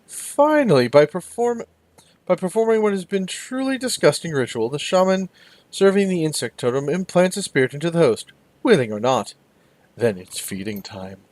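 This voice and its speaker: A man voicing a flamboyant, condescending male elf in a video game, in a high, theatrical, sing-song voice. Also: expressive, normal speed, darkish tone, dry recording, lightly acted. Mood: lecturing.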